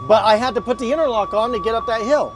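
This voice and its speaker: A man streaming a driving game, talking through each move and swearing loudly in frequent exasperated outbursts. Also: very high-pitched, fast, music in the background. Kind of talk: live gameplay commentary.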